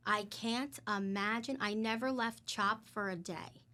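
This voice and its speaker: Lively, high-voiced woman telling her story. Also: unhurried. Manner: animated storyteller, acts out quotes, emphatic. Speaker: podcast guest. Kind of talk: casual conversation.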